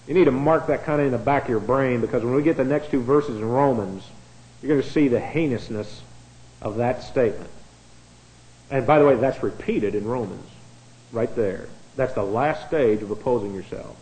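A man preaching a sermon as pastor, blunt and digressive, with many restarts and swings from quiet asides to loud emphatic lines. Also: mid-range voice, normal speed. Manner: blunt, digressive, with frequent restarts and a dry chuckle. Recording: echoey room.

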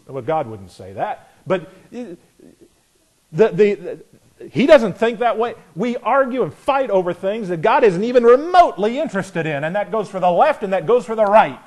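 A man preaching with a fairly high voice for a man. His delivery is folksy and sarcastic, and he slips into the voices of imagined people to make his point. His volume rises sharply when he drives a line home. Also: very animated, normal speed. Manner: folksy and sarcastic, rising loud on punchlines. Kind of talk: sermon.

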